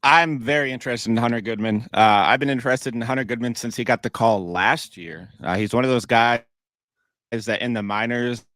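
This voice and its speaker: Guy breaking down players on a podcast, calm and analytical, dry mic. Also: mid-range voice, no echo. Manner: analytical, measured, some restarts. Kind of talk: casual podcast chat.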